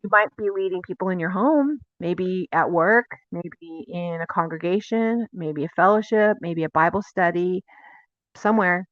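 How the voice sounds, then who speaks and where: A woman's voice: on the low side, moderate pace, no room sound, dull audio. A woman teaching a casual, conversational sermon, often turning to ask her listeners questions. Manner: conversational, confessional, asks the audience questions. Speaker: teacher of a Messianic Bible teaching.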